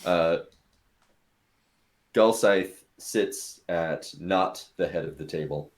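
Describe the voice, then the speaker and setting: A man narrating as game master of a tabletop role-playing game, in a relaxed, casual way with many fillers. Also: deep voice, takes it slowly.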